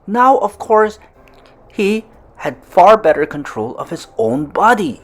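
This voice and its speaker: A very animated, gravelly mid-range voice takes its time reading a classic tale aloud. Along the way, the storyteller frequently restates tricky words in simpler English and acts out quoted lines playfully.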